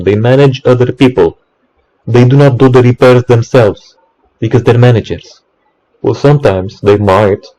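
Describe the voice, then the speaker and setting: A man's voice: mid-range voice, mellow, poor audio. A man, an electrician, in an exasperated ranting monologue, swearing often and stumbling over restarts.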